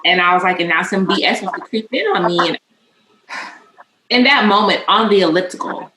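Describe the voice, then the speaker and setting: A woman's voice: on the low side, brisk. A woman in her mid-thirties, co-hosting a podcast, telling a candid personal story with emotion and free cussing. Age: 30s. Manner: emotional, cusses freely, animated. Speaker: podcast co-host. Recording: echoey room with faint noise.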